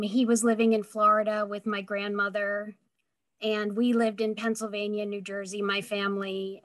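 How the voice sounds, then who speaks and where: A woman telling a personal family story and making an earnest advocacy speech at a town hall. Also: mid-range voice. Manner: earnest, heartfelt, building to rallying calls.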